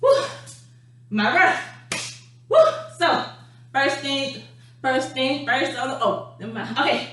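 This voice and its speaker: An energetic woman coaches a home stretch workout, chatty and out of breath, voice pitched a little high. The sound is very echoey and taken from well away from the mic, with a faint hum underneath. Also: a little slow, long pauses, distant mic. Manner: energetic, chatty, calls viewers honey and darling. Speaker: dance instructor.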